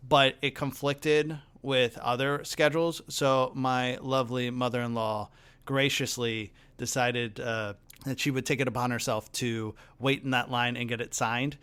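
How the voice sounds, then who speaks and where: Smooth-voiced young man telling stories. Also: medium pitch, measured pace. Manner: lively, acts out other people's lines in his stories. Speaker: podcast host. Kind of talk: casual storytelling chat.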